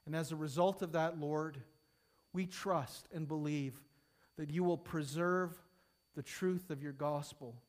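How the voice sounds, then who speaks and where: A man preaching a sermon to his congregation, rising to emphatic peaks and falling soft, then leading a prayer. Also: a little high, fairly even intonation, measured pace. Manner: emphatic, building and falling in intensity.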